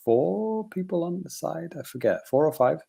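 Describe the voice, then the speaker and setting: A man's voice: fairly high pitch, lively intonation, normal speed, gravelly, warm tone, breathy edge. A man co-hosting a podcast, chatting casually in a rambling way with frequent chuckles and fillers. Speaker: podcast co-host. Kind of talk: casual chat.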